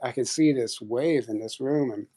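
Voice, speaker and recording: A man's voice: mid-range voice, moderate pace, mellow. A man telling a long personal story in a casual, rambling way, full of fillers and restarts. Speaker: podcast host sharing experiences. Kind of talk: casual storytelling on a live audio chat.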